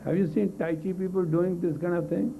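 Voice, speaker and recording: A man's voice: high voice, steady tone, a little fast, gravelly, a little hiss or hum. A man leading a live group exercise class, giving blunt, coaxing commands in non-native English grammar. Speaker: meditation teacher. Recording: tinny lo-fi 1980s tape of a live talk.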